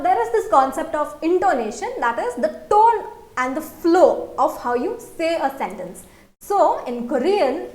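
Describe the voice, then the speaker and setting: A woman's voice: high voice, roomy sound. A woman teaching a language lesson online, explaining patiently and repeating each example sentence.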